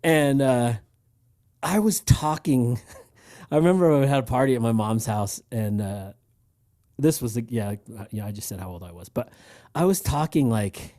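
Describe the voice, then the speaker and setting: Man, podcast co-host, casual chat, rambling, laughs often, warm dark tone. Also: mid-range voice, lively intonation, moderate pace.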